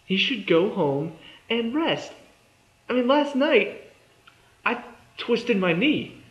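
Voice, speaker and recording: A man's voice: extremely high pitch, very animated, slow pace, fairly bright tone. A young man giving a casual, exasperated review of a TV episode, sarcastic and fond of mimicking the characters. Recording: echoey room, dull lo-fi sound.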